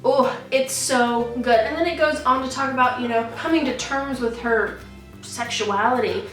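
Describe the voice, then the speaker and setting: A woman's voice: fairly high pitch, normal speed, fairly bright tone. A young woman vlogging in a casual, gushing, rambling way, often correcting herself. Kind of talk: casual chat. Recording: roomy echo, mic at a distance, faint music.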